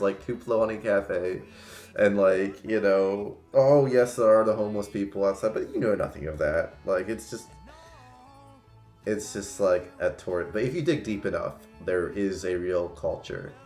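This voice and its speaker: A man's voice: on the low side, reverberant. A man in his twenties telling rambling stories on a casual livestream, full of fillers and restarts. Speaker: streamer.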